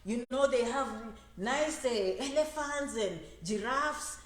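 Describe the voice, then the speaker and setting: High-pitched woman talking immigration, super animated, repeats stuff a lot, echoey room. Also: slow. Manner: animated, acts out quoted voices, repeats phrases for emphasis. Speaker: immigration advisor and speaker. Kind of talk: lively motivational talk to an audience.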